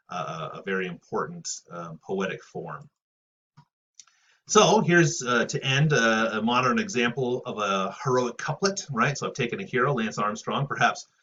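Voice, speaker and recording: A man's voice: fairly low pitch, bright, forceful tone, lo-fi sound. Guy giving an english lecture, ums and restarts everywhere, kinda far from the mic, faint hiss. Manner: rambling, lots of fillers and restarts. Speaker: English teacher. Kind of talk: recorded lecture.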